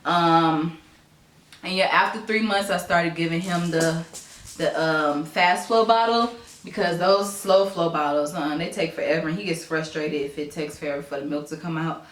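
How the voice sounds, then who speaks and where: A woman's voice: steady tone, normal speed, echoey room, a little hiss or hum. A young woman vlogging casually as a mom, chatting to camera at home with a baby on her knee. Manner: chatty, switches to high sing-song baby talk. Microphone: camera mic.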